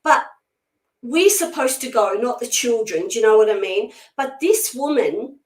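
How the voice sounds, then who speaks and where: A woman's voice: a little high, expressive, normal speed. Blunt, outspoken woman in an echoey room. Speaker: spiritual medium guest. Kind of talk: casual conversation.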